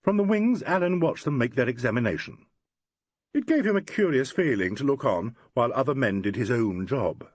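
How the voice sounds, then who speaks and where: A male narrator reads a classic mystery with a lively, swinging delivery. His voice is husky and slightly breathy, heard close and dry with no room sound. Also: medium pitch, moderate pace, no room sound. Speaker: audiobook narrator. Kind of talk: scripted audiobook narration.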